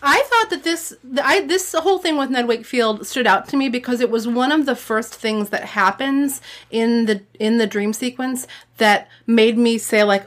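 A woman's voice: a little high, fairly bright tone. A woman chats about a book she has just read, rambling and hesitant. She circles her thoughts with plenty of fillers. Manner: rambling, hesitant, lots of "like" and "I don't know". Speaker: book podcast co-host. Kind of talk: casual book discussion.

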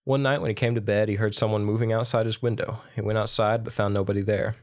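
Male podcast co-host, lower register, plain casual read-aloud of a ghost story. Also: flat delivery, fast talker. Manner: reads a folk tale aloud with small slips and restarts. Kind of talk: casual chat and story reading.

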